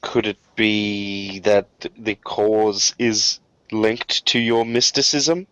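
A man's voice: on the low side, fairly even intonation, slow, fairly bright tone, no echo, highs cut off. A man narrating a tabletop game as game master, loose and casual with frequent fillers.

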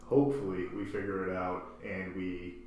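Sitting low and darkish in tone, this man's voice holds a level delivery at normal speed. Co-hosting a podcast from an echoey room with a faint hum and a distant mic, he chats casually about his soccer team, rambling, correcting himself, and laughing often.

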